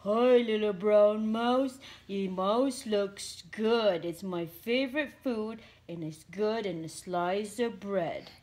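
A woman voicing a big hungry monster, lowering and slowing her voice in a home skit with a small child. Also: darkish tone, lightly acted. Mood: menacing.

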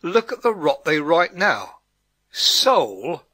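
A man voicing a loud, coarse middle-aged woman who yells and scoffs like a brash gossip. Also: a little high, very animated, slow, slightly rough, no room sound, exaggerated voice. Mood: brash yelling. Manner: yelling, brash and scornful.

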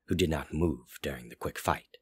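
A man narrating a fantasy story aloud in a slow, measured way. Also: a bass voice, a bit bright, husky, no room sound, clean studio sound. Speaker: story reader. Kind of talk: audiobook narration.

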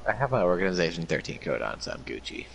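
A man chatting casually with a friend while gaming, laid-back and swearing, with deadpan replies. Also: low-pitched, fast talker, vocal fry, a little hiss or hum.

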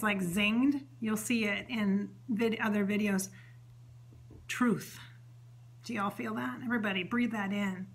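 A woman talks through a spirit-channeling session in a loose, chatty ramble, full of "um" and "you know" and restarts. Her voice is bright and forward, and her tone stays earnest and heartfelt as she passes on what she says the spirit tells her. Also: mid-range voice. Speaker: psychic medium host. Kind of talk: spontaneous channeling session monologue.

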